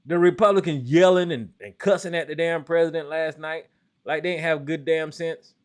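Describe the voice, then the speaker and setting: Call-in host, male, slightly high voice, AAVE, heated cursing rant. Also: normal speed. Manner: animated, cursing, talks to viewers while searching online. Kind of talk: profane political rant.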